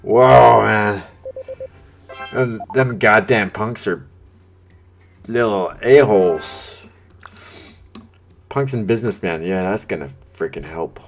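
A man's voice: lowish voice, slow pace, pauses often, faint music behind. A man giving live commentary on a cooking game, talking to the customers, getting frantic and swearing under pressure. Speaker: gameplay streamer. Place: home gaming setup. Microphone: desk microphone.

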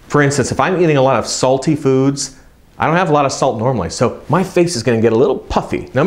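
A middle-aged man hosting an advice show, talking to camera in a casual, friendly, encouraging way. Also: medium pitch. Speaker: video coach and show host.

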